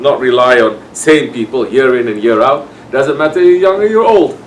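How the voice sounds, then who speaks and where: A man's voice: medium pitch, normal speed, few pauses, distant mic, slight background noise, poor audio. A man giving a sermon to his congregation, scolding and acting out people's excuses. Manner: admonishing, acts out quoted excuses. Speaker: sufi sheikh.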